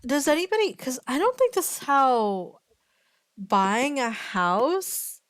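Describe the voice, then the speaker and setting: A woman streamer talks casually into her desk microphone, thinking aloud as she greets her chat. Her voice comes through smooth and clear. The sound is dry and close, with no room echo. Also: high-pitched, very animated, takes it slowly. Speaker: streamer reacting to a story video.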